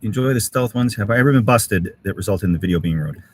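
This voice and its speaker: A man's voice: fairly low pitch, animated, quick pace, no echo. A middle-aged man hosting a casual live stream from a winter campsite, reading out viewer comments and thanking people with lots of uhs and ums. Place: outdoor winter camp in severe cold.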